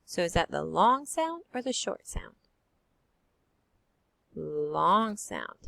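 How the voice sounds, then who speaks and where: A woman's voice: mid-range voice, creaky, fairly bright tone, dry recording. A woman teacher leading a phonics lesson for young children, drawing out each sound in a sing-song way.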